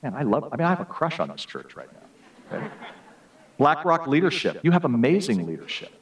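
A man's voice: fairly high pitch, wildly swooping pitch, fairly quick, far from the mic, poor audio. A man preaching to a church congregation in a chatty storytelling way, full of asides and "you know". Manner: conversational storytelling with many asides. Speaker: guest preacher. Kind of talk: sermon.

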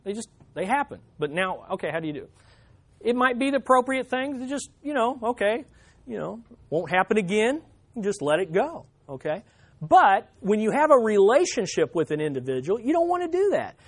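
High-voiced man teaching the Bible. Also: sing-song, a little fast. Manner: conversational, questions the listeners. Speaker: preacher.

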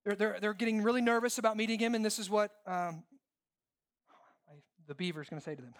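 Male pastor, lively sermon voice, dramatizes scripture quotes. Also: high-pitched, fast. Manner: animated preaching, acts out quoted voices, rhetorical "right?".

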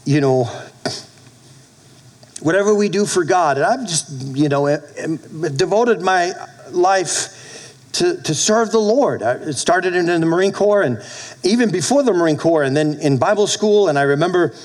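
A man in his fifties preaching a sermon as a pastor, animated, with frequent restarts and sudden soft drops in his voice. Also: high-pitched, moderate pace.

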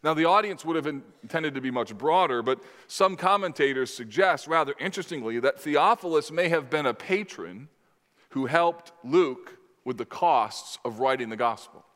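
A man preaching a sermon in a measured, emphatic way, putting questions to the congregation. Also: fairly high pitch, expressive, a bit bright. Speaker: pastor. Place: church sanctuary. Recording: long reverb in a large hall.

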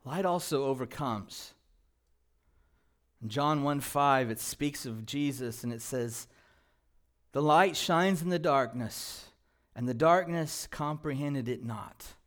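A male pastor preaching a sermon in a church, moving from quiet, low passages to loud, emphatic ones. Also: takes it slowly. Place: church sanctuary.

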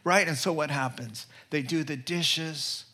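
Male pastor, bright slightly high voice, animated storyteller who drops to a hush for emphasis. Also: unhurried. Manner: animated storytelling with wide pitch swings; drops to soft, quiet delivery for emphasis. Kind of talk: sermon.

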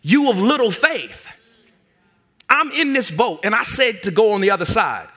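Exasperated male teacher, put on by a preacher, rebuking, incredulous, raised pitch, forceful. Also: animated, moderate pace, heavily acted. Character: exasperated male teacher scolding frightened followers.

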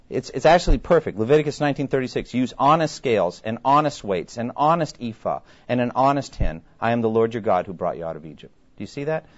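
A man's voice: medium pitch, muffled recording. A man preaching a sermon in a conversational way, often putting questions to his listeners.

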